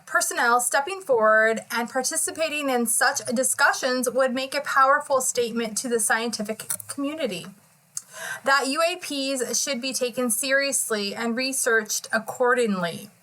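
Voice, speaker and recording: A woman's voice: high voice, moderate pace, pushed and bright, low-quality recording. A woman podcast host in casual chat, recapping a hearing in a chatty, self-correcting way.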